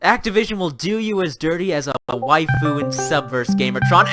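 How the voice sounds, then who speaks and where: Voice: medium pitch, moderate pace, loud music behind the voice. A young adult livestream host chatting casually with viewers, reading chat aloud and ranting sarcastically about games.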